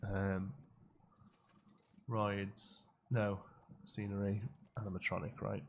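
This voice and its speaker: A man's voice: fairly low pitch, flat delivery, slow pace, creaky, slight background noise. A man casually commenting while playing a building game on a live stream, reading and answering chat. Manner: chatty, reads out chat and answers it.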